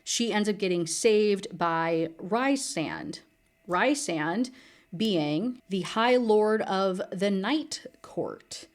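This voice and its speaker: A woman's voice: medium pitch, animated, drawn-out words. A woman giving a casual, sarcastic book recap, full of fillers. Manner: chatty, filler-heavy, sarcastic. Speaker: book reviewer.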